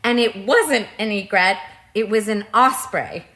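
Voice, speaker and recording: A woman co-hosting a podcast in casual chat, enthusiastic and giggly with quick reactions. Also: medium pitch, pushed and bright. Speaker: podcast co-host.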